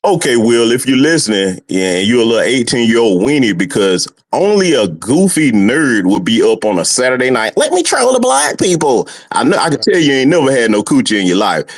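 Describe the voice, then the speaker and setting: A man calling in to a livestream, lecturing in a deliberate way. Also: medium pitch, very animated. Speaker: caller. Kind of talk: casual lecturing rant.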